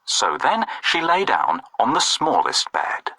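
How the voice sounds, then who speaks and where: A man's voice: mid-range voice, wildly swooping pitch, takes it slowly, pushed and bright, husky, no room sound, poor audio. A man narrating a children's storybook with a sing-song, swooping storyteller delivery.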